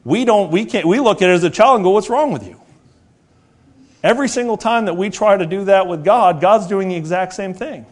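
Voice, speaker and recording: Earnest and repetitive, a man in his forties gives a sermon in a voice that sits high. He poses rhetorical questions and slows down whenever he wants key words to land.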